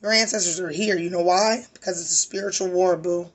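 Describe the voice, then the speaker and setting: A woman's voice: lowish voice, fairly even intonation, fairly quick. A woman with a weary voice giving an emphatic, preachy spiritual tarot reading, swearing casually. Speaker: tarot reader.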